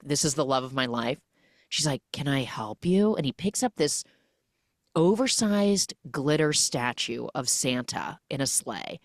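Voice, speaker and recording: A woman's voice: deep voice, no room sound. A woman hosting a podcast, recapping a film in a casual, joking way and acting out the characters' lines. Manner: animated, acts out characters' lines. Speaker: podcast host.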